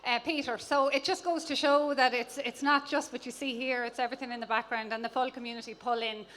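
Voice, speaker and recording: A woman's voice: a little high, steady tone, fast, fairly bright tone, a little hiss or hum. A woman praising a cast at a live event. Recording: distant reverberant hall.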